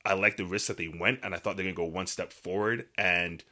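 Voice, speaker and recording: A man co-hosting a podcast, reviewing a film in casual chat, excitable and emphatic. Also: low voice, a little fast. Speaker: podcast co-host.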